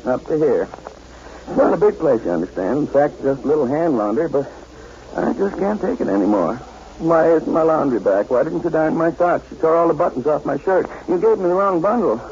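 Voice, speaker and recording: A man plays a worn-out laundry owner grumbling about his customers in a 1940s radio drama. His voice is mellow and slightly raised in pitch. The broadcast sounds dull and lo-fi with faint hiss. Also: animated, fairly quick, natural voice. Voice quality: grumbling, complaining. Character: weary, grumbling middle-aged laundry owner.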